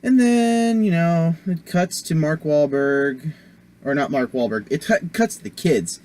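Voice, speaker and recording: A man's voice: a little high, animated, measured pace, darkish tone. A man giving a casual movie review on his vlog, rambling with many fillers and self-corrections.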